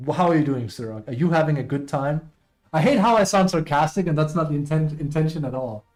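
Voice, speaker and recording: A man's voice: medium pitch, a little mellow. A man streaming live and chatting casually with viewers, rambling and self-deprecating as he reads chat aloud.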